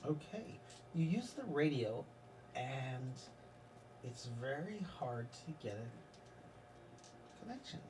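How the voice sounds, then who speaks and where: A game master narrating a tabletop game, soft-spoken and hesitant. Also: mid-range voice, very animated, slow, pauses often. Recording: distant mic, faint hiss.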